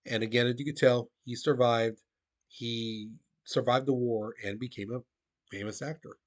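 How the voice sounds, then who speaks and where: A man's voice: medium pitch, steady tone, normal speed. A man teaching a recorded history lesson to his students, casual and conversational, often checking in with "okay?".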